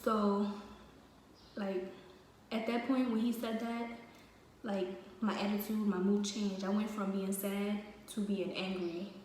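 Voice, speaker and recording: A woman's voice: medium pitch, flat delivery, slow pace, a little mellow, distant mic. A woman chats through a casual storytime vlog, packed with fillers as she goes. She sits well back from the mic in a very echoey room, with a faint hiss of noise underneath. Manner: chatty, with many fillers.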